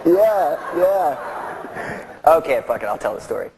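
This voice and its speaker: A man's voice: on the high side, big pitch swings, slow pace, vocal fry, a crowd in the background. A man from a band telling a rambling anecdote in an interview, laughing as he goes. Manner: rambling, laughing through the story. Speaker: band member.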